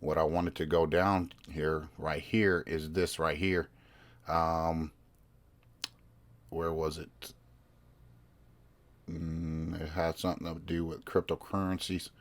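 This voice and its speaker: A man's voice: very deep voice, flat delivery, slow pace, long pauses. A man hosting his own podcast, reading news articles aloud and commenting in a casual, rambling way, often stopping to search for his place. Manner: rambling, self-interrupting, reads articles aloud. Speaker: podcast host.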